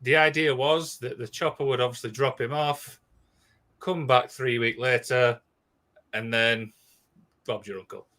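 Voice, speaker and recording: Bright, rushed man telling eerie stories. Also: mid-range voice. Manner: excitable, rushed, with many restarts and "obviously". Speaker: podcast co-host. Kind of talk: casual storytelling chat.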